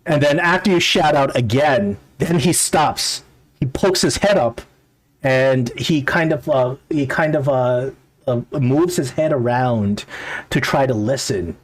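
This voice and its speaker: A man narrating a tabletop game as game master, halting with frequent restarts. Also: mid-range voice.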